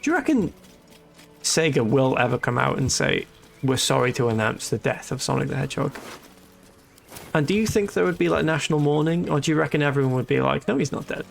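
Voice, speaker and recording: A man's voice: medium pitch, lively intonation, a little fast, vocal fry, soft background music. A man chatting casually and joking while live-streaming a video game, laughing often.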